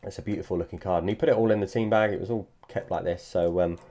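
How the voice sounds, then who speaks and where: Man, slightly low voice, chatty collector vlogger, loose and rambling delivery. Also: fairly even intonation, fast talker, warm tone. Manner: rambling, repeats words, hesitant fillers. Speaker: sports card collector vlogger. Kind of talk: casual chat.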